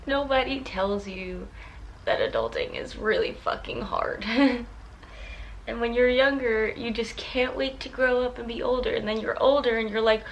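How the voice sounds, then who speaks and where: A woman's voice: on the high side, lively intonation, moderate pace, rough recording. A woman in her thirties chats into her phone for a casual diary vlog. She rambles in a candid, self-deprecating way and uses lots of fillers. Faint background noise sits under her voice. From California. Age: 30s. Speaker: vlogger. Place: at home and in a car.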